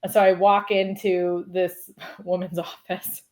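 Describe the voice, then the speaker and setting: A woman guest on a podcast, telling a story in a lively, casual way, laughing often and saying "like" a lot. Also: on the low side, unhurried. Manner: animated, laughs often, heavy use of "like".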